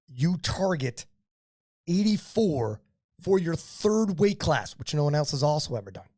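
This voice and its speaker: A man hosting a live podcast interview, talking in excited, rambling bursts of hype and repeating words as he builds up his point. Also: fairly high pitch, no echo, studio quality. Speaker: podcast host.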